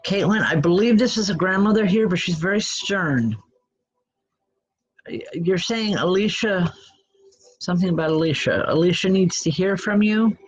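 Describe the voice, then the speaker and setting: A woman's voice: lowish voice, moderate pace, breathy edge. A woman working as a spiritual medium, delivering readings to a gathered group in a chatty, folksy way. She talks bluntly and makes jokes at her own expense. The recording sounds dull and lo-fi. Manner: chatty, folksy, self-deprecating; blunt, direct.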